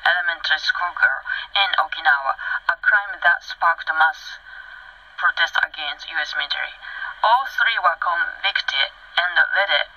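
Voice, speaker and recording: A woman's voice: on the low side, pushed and bright, no echo. A woman vlogger reading a news article aloud and breaking off into blunt, combative commentary full of swearing, sometimes dropping to a whisper. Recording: dry, muffled lo-fi sound.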